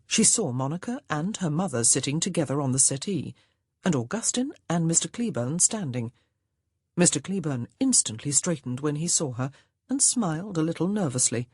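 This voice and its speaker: A woman reading a historical romance audiobook in a measured storytelling voice. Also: deep voice, big pitch swings, a little mellow, husky, dry recording, studio quality. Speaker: audiobook narrator. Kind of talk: scripted narration.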